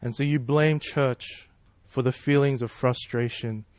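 A man's voice: mid-range voice, fairly even intonation, a little slow, a little mellow, dry recording. A man preaching a sermon in a casual, conversational way, asking rhetorical questions and checking in with "right?" and "you know".

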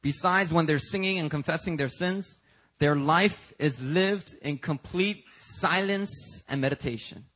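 Husky high-voiced man preaching. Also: unhurried, fairly bright tone. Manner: emphatic, rising rhetorical questions. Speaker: pastor. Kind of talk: sermon. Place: church service.

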